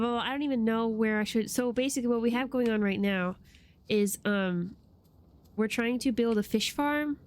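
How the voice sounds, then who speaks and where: A young woman streaming a video game, chatting casually and excitably and laughing often as she plays. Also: on the high side. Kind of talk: casual gameplay chat. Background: game music.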